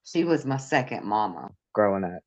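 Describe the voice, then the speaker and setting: A woman's voice: rumbling low, big pitch swings, normal speed, a little mellow. A woman hosting a casual live chat, telling rambling stories with frequent restarts and laughs. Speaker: podcast host. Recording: muffled lo-fi audio.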